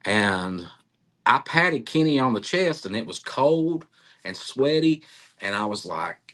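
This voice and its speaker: A middle-aged man in an interview, telling a story in an animated way, acting out quotes and laughing often. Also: fairly low pitch, a little slow. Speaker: interviewee, cryptid researcher.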